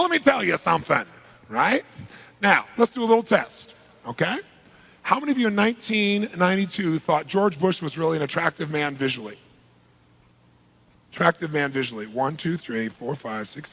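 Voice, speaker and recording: A man giving a live seminar talk to a large audience, energetic and punchy, polling the crowd with quick questions. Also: a little high. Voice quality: gravelly, husky. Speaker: seminar speaker.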